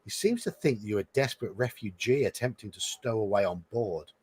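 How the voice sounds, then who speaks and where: Male host, mid-pitched, narrating a gamebook live. Husky timbre, animated delivery. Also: fairly quick. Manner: reads aloud with asides and chuckles.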